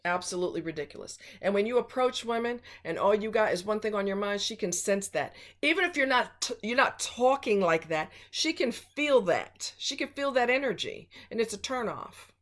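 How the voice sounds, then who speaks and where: A woman's voice: medium pitch, expressive, moderate pace, hardly any pauses. A woman vlogger giving blunt relationship advice in a casual, emphatic monologue.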